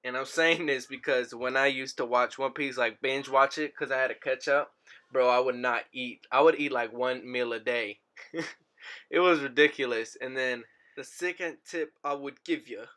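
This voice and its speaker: A man's voice: mid-range voice, steady tone, moderate pace, pushed and bright, clear, resonant tone. A young man hosting a casual podcast, talking to listeners in a laid-back, slangy way. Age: young adult. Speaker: podcast host.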